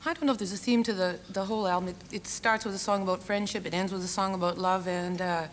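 A Canadian woman in her forties speaks at a middle pitch, relaxed and a little hesitant, with a dry wit in her answers. A faint hiss sits under her voice. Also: quick pace. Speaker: guest singer. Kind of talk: TV interview.

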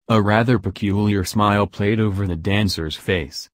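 A man reading a mystery audiobook in a measured, even narration. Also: fairly low pitch, no echo, studio quality. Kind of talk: scripted narration.

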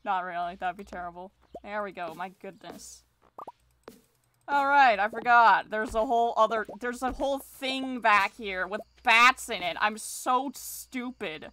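Woman streamer, bright clear voice, rambling self-mocking chatter, casual swearing. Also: medium pitch, a little slow, slight background noise. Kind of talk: casual gameplay commentary.

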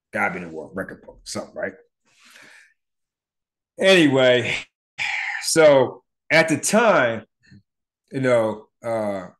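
A middle-aged man hosting a podcast, telling a personal story in a casual, profane way and acting out the voices of the people in it. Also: mid-range voice. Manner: animated, profane, acts out voices in his retelling. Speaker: podcast host.

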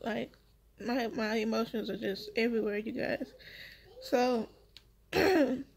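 A woman's voice: on the high side, takes it slowly, vocal fry, a little mellow, a little hiss or hum. A woman vlogger, a week after giving birth, telling her story straight to her viewers in a casual, emotional way. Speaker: vlogger, new mother.

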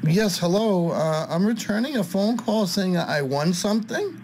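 A man making a prank call to a scammer, playing naive with halting, stammering speech. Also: sits high, animated, a little mellow, slight background noise. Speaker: scambaiter caller. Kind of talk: prank phone call and commentary.

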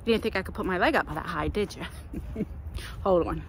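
A woman's voice: on the low side, normal speed. A woman chatting casually in a vlog, first in a car and then on a walk by a lake, recorded on a phone, rambling and laughing at herself. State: out of breath while walking. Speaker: vlogger. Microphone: phone camera, then selfie stick. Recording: noisy car and outdoor recording.

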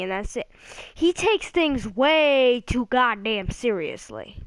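A woman's voice: high voice, a bit bright, no echo, low-quality recording. A woman hosting her channel with a profane comedic rant, angry and crude, often stumbling over her words. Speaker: channel host ranting about a video series.

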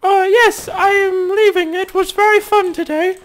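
A man voicing a prim, overly polite shopper in a high, sing-song falsetto during gameplay commentary. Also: fairly even intonation, moderate pace, fairly bright tone, slight background noise.

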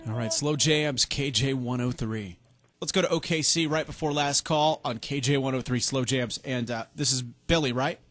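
A man hosting a late-night radio dedication show from the studio, with smooth, steady on-air patter. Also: medium pitch, normal speed.

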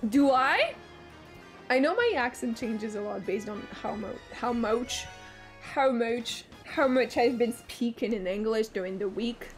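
A woman's voice: a little high, lively intonation, unhurried. A French-Canadian woman with a Quebec accent, chatting casually and swearing while streaming a game, her voice strained from a sore throat. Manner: chatty, swears a lot, laughs often. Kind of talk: casual gaming stream chat. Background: game music.

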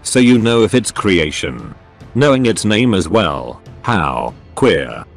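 A man's voice: low-pitched, big pitch swings, slow, soft background music, full character voice. A synthetic male voice voicing a proud, bitter old alien elder who speaks with haughty scorn. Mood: scornful. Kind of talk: synthetic storybook narration.

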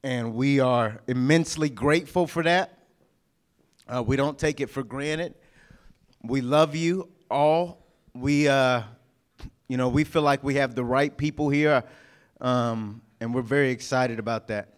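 Smooth-voiced man giving a grateful thank-you speech. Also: mid-range voice. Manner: measured, grateful, searching for words. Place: wedding reception.

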